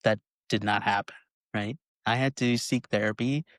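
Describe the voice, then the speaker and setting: Podcast host dude, casual, keeps saying right, dry room. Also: male voice, fairly low pitch, steady tone, normal speed, a bit bright, dry recording. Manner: conversational, frequent "right?" tags.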